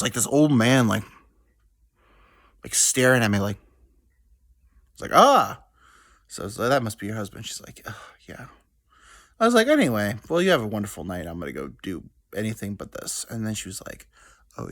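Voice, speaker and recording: A young man tells a long story in a loose, rambling way. His pitch swings freely as he acts out what others said, and he pokes fun at himself along the way. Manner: rambling, self-deprecating, quotes people in quick asides. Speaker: podcast host. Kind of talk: casual storytelling monologue.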